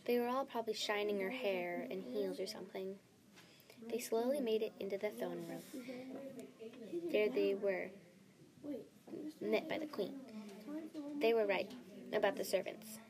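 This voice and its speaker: A woman's voice: medium pitch, measured pace, long pauses, crowd noise. A woman reading her own fantasy story aloud, dropping to a whisper at tense moments. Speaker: story reader.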